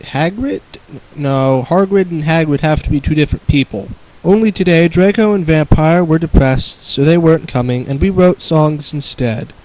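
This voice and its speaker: Young male host, dry comedic reader, mellow voice. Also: fairly high pitch, normal speed, low-quality recording. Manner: sarcastic, mocking asides. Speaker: host reading a fan story aloud. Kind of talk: comedic dramatic reading with commentary.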